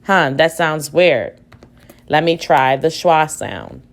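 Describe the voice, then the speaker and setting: A woman teacher records a reading lesson for children from home. She speaks slowly and patiently in a somewhat low voice, sounding out each word aloud. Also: lively intonation.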